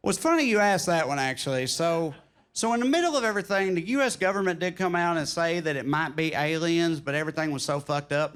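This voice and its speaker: A man with a Tennessee drawl performing stand-up comedy in a club, animated and quick to slip into silly voices. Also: on the high side, slight background noise. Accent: Southern US, Tennessee drawl. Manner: animated, swings into put-on voices and quips. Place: comedy club stage with audience.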